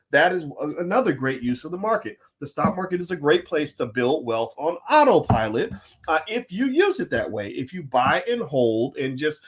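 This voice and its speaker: A middle-aged man from the United States, hosting a livestream as a finance professor, talking in an emphatic, animated way that swings between loud and quiet. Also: fairly high pitch. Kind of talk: livestream commentary.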